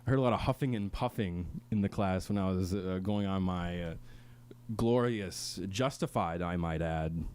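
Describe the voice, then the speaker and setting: A man's voice: sits low, moderate pace, a little mellow, clean tone. Boastful young man hosting student radio. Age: young adult. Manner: mock-boastful, playful, slips into silly voices. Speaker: host of a student radio talk show. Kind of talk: comedic radio talk show hosting. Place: student radio station studio.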